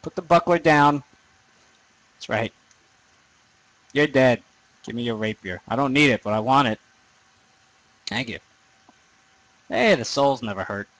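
A young man commenting on his own gameplay in a loose, rambling way, swearing freely and making fun of his own nerdiness. His voice sits at an everyday middle pitch, neither high nor low. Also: unhurried, pauses often, a bit bright, no room sound, rough recording. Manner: profane, rambling, self-deprecating. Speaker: gaming commentator. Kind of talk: let's play commentary.

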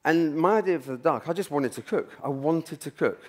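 A man's voice: fairly high pitch, brisk. A middle-aged man, telling a rambling story from his kitchen career at a symposium, often restarting his sentences. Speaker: chef giving a talk. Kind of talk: anecdotal talk at a symposium.

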